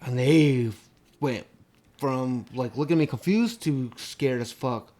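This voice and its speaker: A young man co-hosting a podcast, telling a story in a loose, animated, profanity-laced way with lots of fillers. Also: mid-range voice, slow. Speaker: podcast co-host. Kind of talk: casual storytelling chat.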